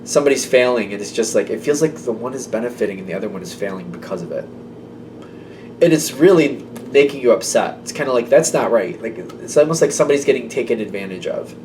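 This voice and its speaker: A man's voice: mid-range voice, expressive, brisk, recorded from a distance, noisy background. A man giving a casual tarot reading to camera. He talks in a loose, intuitive way, full of "like" and "um". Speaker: tarot reader.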